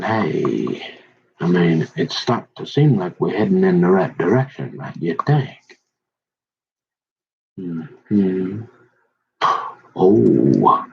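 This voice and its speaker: Man, lower voice, unhurried rambling monologue, folksy and wandering; dull lo-fi sound. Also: gravelly, darkish tone, breathy edge. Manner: slow, meandering, trailing asides, folksy. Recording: dull lo-fi recording.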